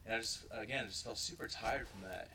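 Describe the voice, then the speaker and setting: Rambling man, bright and off-mic. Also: fairly low pitch, fairly quick, vocal fry, far from the mic, slight background noise, rough recording. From Ohio, USA. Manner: rambling, many fillers and "like". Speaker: churchgoer giving a testimony. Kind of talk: casual spoken testimony to a group.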